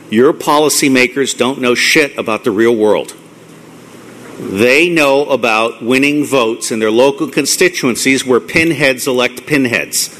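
A middle-aged man giving a live lecture to an audience, blunt and profane, ranting excitedly. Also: mid-range voice, slight background noise. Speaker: conference speaker.

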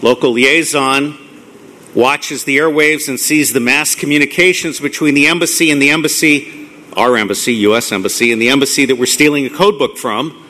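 A middle-aged man giving a live lecture to an audience, blunt and profane, ranting excitedly. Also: medium pitch, moderate pace. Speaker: conference speaker.

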